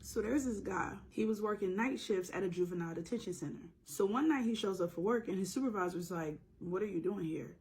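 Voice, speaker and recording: A woman's voice: mid-range voice, fairly quick, hardly any pauses, darkish tone. A woman with a sore throat telling a scary story in a casual, joking way with slangy asides.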